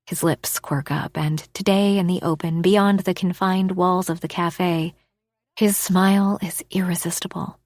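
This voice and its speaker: A woman narrating a romance audiobook in the first person, expressive, dropping to a hush for inner thoughts. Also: fairly low pitch, a little slow, hardly any pauses, no room sound, clean studio sound.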